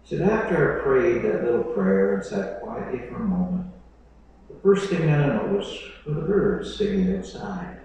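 Pastor guy preaching, booming echo, sounds a bit far from the mic. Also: big pitch swings, moderate pace, darkish tone, a little hiss or hum. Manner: preaching with dramatic quoted voices, conversational asides. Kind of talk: sermon. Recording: echoey hall, mic at a distance.

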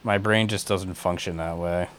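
A man's voice: low voice, steady tone, normal speed, fairly bright tone, slight background noise. A man in a casual podcast chat, self-deprecating and swearing freely.

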